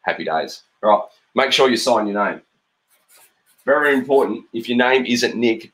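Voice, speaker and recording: A middle-aged man with an Australian accent, a cartoonist chatting playfully while drawing live, with frequent ums. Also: mid-range voice. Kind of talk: live-stream drawing chat.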